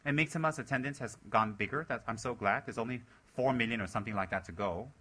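A man's voice: medium pitch, fast, sharp tone, husky. A man, a Buddhist teacher, giving a dharma talk to his center's members, exhorting and scolding them and mocking their excuses in put-on voices.

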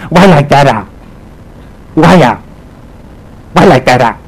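A man putting on a fussy, high-pitched auntie. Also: animated, slow, slightly rough, heavily acted, poor audio. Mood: puzzled.

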